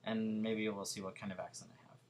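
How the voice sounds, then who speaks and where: A man's voice: lowish voice, little pitch movement, fast talker, a little hiss or hum. A young man with a Californian accent, chatting casually as a vlogger answering viewer questions, hesitant and full of fillers. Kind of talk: casual chat.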